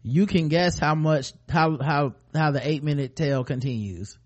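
A man's voice: a little high, moderate pace, dull audio. A man co-hosting a comedy podcast, reading a news story aloud and breaking off for crude jokes. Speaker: podcast co-host. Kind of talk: comic news read with banter.

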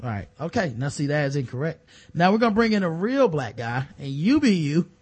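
Animated, high-voiced male comedy host. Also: fairly quick, slightly rough. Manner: animated, jokey, laughs often. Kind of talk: casual comedic chat.

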